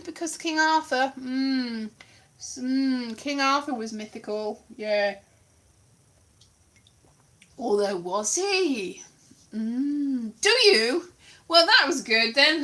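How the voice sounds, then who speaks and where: A woman's voice: high voice, bright, forceful tone. A woman rambling through a casual comedy set at home, reading bits aloud from books and mocking herself. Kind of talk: casual improvised chat. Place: home, virtual show.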